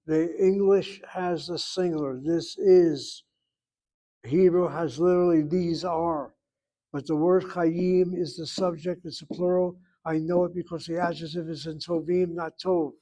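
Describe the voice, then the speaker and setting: A man's voice: fairly high pitch, dark tone. A man teaching a Hebrew class, emphatic and repetitive, correcting students and thinking aloud over spelling.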